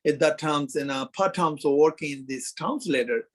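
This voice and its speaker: A Tibetan-accented man in his fifties recounts his experience in an interview. His speech is slightly raised in pitch and comes slowly, broken by frequent hesitations and fillers as he searches for words in English, his second language after Tibetan. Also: fairly bright tone. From Kham, Tibet. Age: 50s. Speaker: Buddhist lama telling his story. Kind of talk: halting interview storytelling.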